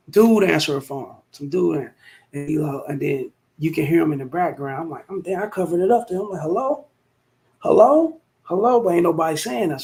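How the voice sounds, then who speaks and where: A man's voice: on the high side, a little mellow. A man in his forties telling a rambling, profane, slangy story straight to the camera. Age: 40s. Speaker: vlogger. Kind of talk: casual storytelling monologue.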